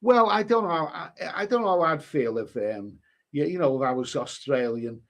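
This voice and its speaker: A middle-aged man with a voice pitched a little on the high side. He talks in a loose, rambling way, stumbling and restarting his sentences as he chats with viewers on a livestream. His tone is casual and unhurried throughout. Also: a bit bright. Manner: rambling, halting, with many restarts and repeated words. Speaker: livestream host reading viewer comments.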